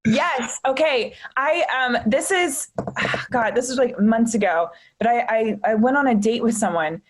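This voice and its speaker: Chatty higher-voiced woman comedian. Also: measured pace, a little hiss or hum. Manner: rambling, filler-heavy, frank and jokey. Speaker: comedian guest. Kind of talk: casual storytelling chat.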